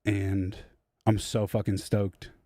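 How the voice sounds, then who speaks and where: A young man talks casually on a live stream from his home studio, rambling and swearing freely. He pokes fun at himself as he goes. His voice sits a little low and sounds dry and close. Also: monotone, slow, dark tone, no echo. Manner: rambling, profane, self-deprecating. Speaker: music producer streaming live.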